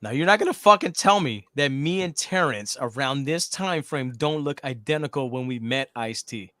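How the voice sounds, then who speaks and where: A man's voice: medium pitch, animated, moderate pace, a bit bright, no echo. A man in his thirties co-hosting a podcast, telling stories in casual chat, cursing freely and laughing often. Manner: profane, storytelling, laughs often. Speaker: podcast co-host.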